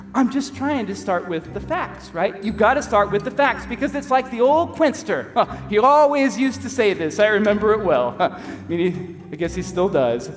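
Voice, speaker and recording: A cocky, goofy know-it-all barista, played by a man on stage, rambles and chuckles at his own jokes with a wildly swinging pitch. The voice rings in a reverberant hall. Faint music hums under it. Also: lively intonation, moderate pace. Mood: rambling. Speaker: comedy sketch actor. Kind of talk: live stage comedy sketch. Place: church hall before an audience.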